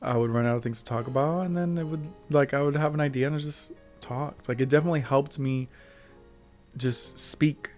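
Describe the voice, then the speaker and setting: Speaking a little fast in a middle-range voice, a young man shares stories on his vlog with plenty of laughter. He gets animated and acts out quotes loudly, and soft music plays faintly behind him.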